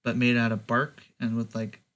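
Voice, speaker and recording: Brief: male game master, casual, halting with many fillers, mid-pitched voice. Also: completely flat delivery, fairly bright tone. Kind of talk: narrating a tabletop game.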